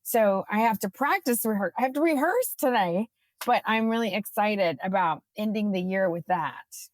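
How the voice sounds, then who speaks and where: Chatty woman telling an animated story. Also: medium pitch, moderate pace, no room sound. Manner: animated storyteller, acts out her own lines. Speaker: podcast co-host. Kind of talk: casual podcast chat.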